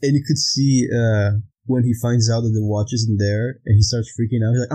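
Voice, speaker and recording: Young male co-host, mellow and husky, halting casual delivery. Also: medium pitch, steady tone, poor audio. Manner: halting, restarts a lot, laughs between thoughts. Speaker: podcast co-host. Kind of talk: casual movie discussion.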